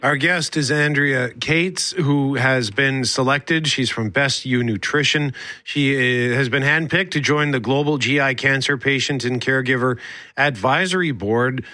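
A male radio host introducing his guest in an upbeat announcer manner. His voice is bright and forward. The studio sound is dry. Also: medium pitch, measured pace, no room sound. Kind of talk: radio interview.

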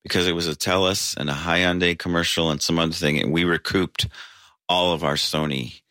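A man's voice: low-pitched, fairly even intonation, brisk, bright, forceful tone, dry recording, studio quality. A man, a band member, telling stories in a casual interview, rambling with restarts and fillers. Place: basement of a tavern.

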